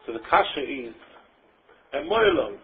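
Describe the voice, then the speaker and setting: A man's voice: mid-range voice, animated, a little slow, husky. A man giving a Talmud lecture, chanting the quoted texts in a sing-song tune. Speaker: Torah lecturer. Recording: tinny phone-line recording.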